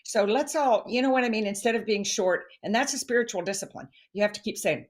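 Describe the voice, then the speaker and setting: A middle-aged woman, a guest expert on stress, chatting in an interview and telling stories with animated quoted voices. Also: mid-range voice, a little fast, hardly any pauses. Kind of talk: casual interview chat.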